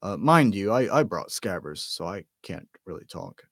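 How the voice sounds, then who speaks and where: Chatty, grumbling young wizard boy read by a man, bouncy pitch. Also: very animated, moderate pace, breathy edge, no room sound, clean studio sound.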